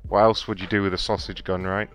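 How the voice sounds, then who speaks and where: A man hosting a prank call show, talking in deadpan, provocative banter. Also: low-pitched, fast, soft background music. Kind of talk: casual live-show chat and prank calls. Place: home room.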